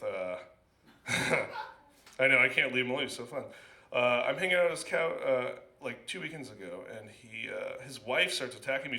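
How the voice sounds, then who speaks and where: A man telling a stand-up story at an open mic, stumbling through it with restarts and fillers. His voice is very bright and cutting. The sound is roomy, the echo of a small club. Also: medium pitch. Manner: rambling, halting, with many restarts and fillers. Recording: echoey club room.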